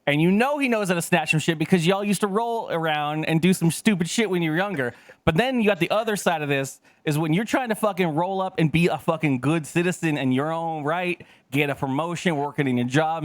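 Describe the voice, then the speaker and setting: A man's voice: on the high side, no room sound. A man co-hosting a casual podcast chat, telling stories with lots of swearing and laughter. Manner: profane, storytelling, laughing often. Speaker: podcast co-host.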